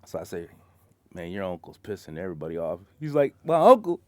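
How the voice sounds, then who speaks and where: A man's voice: deep voice, lively intonation, quick pace, mellow, dry recording. A man in casual bar talk, telling profane stories about his job as a concrete truck driver and acting out his coworkers.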